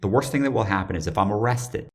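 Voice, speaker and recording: A man voicing his panicked girlfriend, a young woman urging him in a shrill, pleading voice. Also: fast, close to an everyday voice. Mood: insistent.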